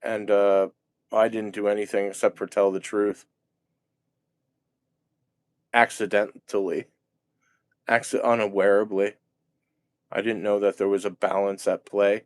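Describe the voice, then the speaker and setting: A man delivers a rambling monologue in a slow, drawn-out way, agitated and often cursing. He keeps breaking off and restarting his sentences. The sound is close and dry with no room echo. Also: lowish voice, level tone. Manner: agitated, profane, halting with restarts. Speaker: vlogger.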